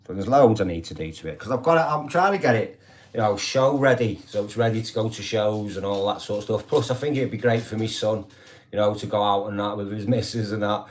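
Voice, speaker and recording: An older man holds forth in a loose, rambling live-stream chat. His voice sits on the low side, and he swears freely and keeps checking in with "do you know what I mean.". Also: brisk.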